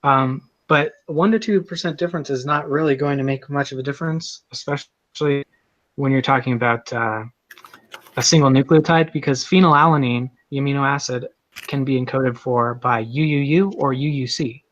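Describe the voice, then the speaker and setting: A man's voice: medium pitch, no room sound, muffled recording. A man in a debate explaining genetics in a technical, matter-of-fact way. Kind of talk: live debate argument.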